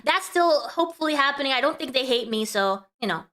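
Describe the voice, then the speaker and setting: A woman's voice: sits high, animated, fast talker, a bit bright. A woman hosting a casual commentary stream, chatty and talking to her chat, laughing often. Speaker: vtuber host.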